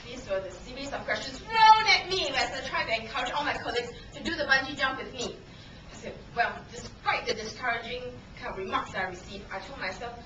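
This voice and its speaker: A woman's voice: sits high, animated, a little fast. A woman in her thirties giving a dramatic storytelling speech at a contest, acting out scenes with shrieks and laughter. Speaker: contest speaker. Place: meeting hall. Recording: echoey hall, distant camera, noisy.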